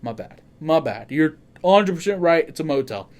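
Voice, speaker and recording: A man hosting a casual horror podcast. He talks in an excitable way, swears freely and often corrects himself mid-sentence. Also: a little high, moderate pace. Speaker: podcast host.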